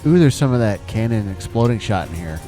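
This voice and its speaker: A man giving upbeat game commentary with quick exclamations, over game music. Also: fairly low pitch, big pitch swings. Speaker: gaming video host.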